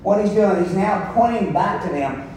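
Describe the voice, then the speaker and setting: A man's voice: high voice, expressive, normal speed, darkish tone, slight background noise. A man preaching a sermon as pastor, emphatic and calling out for amens from the congregation. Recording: echoey room, from far off.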